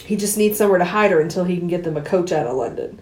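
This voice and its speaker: A woman's voice: fairly low pitch, very fast, a little mellow. A woman co-hosting a podcast, casually retelling a film's plot and acting out the characters' lines with laughs. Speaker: podcast co-host. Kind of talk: casual chat recapping a film. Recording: roomy sounding room.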